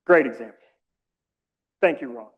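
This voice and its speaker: A man leading a community training session, explaining calmly with casual, self-deprecating asides. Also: mid-range voice, measured pace, breathy edge, phone-quality sound. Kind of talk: training presentation.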